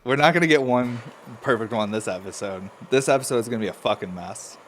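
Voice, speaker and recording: A young man from upstate New York, stoned and sniffling, rambles through stories on his own podcast at a mid-range pitch. He coughs now and then and swears freely, drifting from one story to the next in a loose, unscripted way. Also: fast talker, fairly bright tone, a little hiss or hum. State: stoned, runny nose. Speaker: podcast host. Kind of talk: casual rambling monologue.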